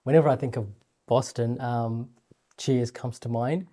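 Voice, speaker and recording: Aussie guy hosting a podcast, easygoing, agrees a lot, mellow dark voice. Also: medium pitch, fairly even intonation, a little slow. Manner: chatty, laughs easily, agreeable. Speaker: podcast host. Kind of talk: casual podcast chat.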